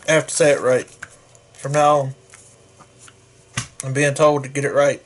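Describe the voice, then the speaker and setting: A man's voice: a little high, steady tone, moderate pace, long pauses. A man hosting a casual product review, talking in a rambling, folksy way and correcting himself as he goes. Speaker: gear reviewer.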